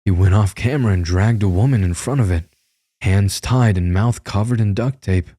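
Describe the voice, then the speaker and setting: Deep-voiced man narrating a horror story. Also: moderate pace, dark tone, dry recording, clean studio sound. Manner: tense, grim storytelling.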